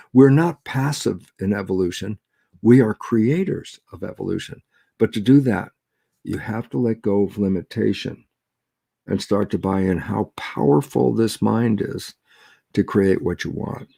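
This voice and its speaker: Older man, gravelly voice, dry close sound, expressive storytelling, acts out quotes. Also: on the low side, a little slow, no echo. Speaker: guest scientist. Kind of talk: animated storytelling in a conversation.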